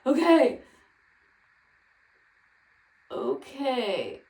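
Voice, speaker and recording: Woman vlogger, anxious self-talk, rambling delivery, bright-ish pitch, roomy echo. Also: normal speed. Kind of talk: casual vlog talk. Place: at home. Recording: echoey room, voice from a distance.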